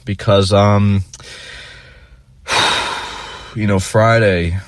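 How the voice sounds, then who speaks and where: A man's voice: on the low side, steady tone, very slow, no echo. A young man telling a rambling, profane story in a casual monologue, full of fillers and restarts. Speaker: vlogger.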